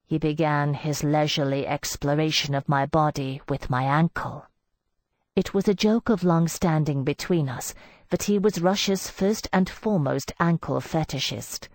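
A woman giving a measured first-person audiobook narration into a close studio mic. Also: low voice, a little mellow, dry recording.

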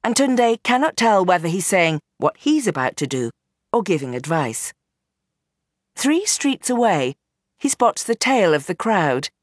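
A woman narrating a novel as an audiobook in an expressive, dramatic reading. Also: on the low side, measured pace, no room sound, studio quality. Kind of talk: scripted narration.

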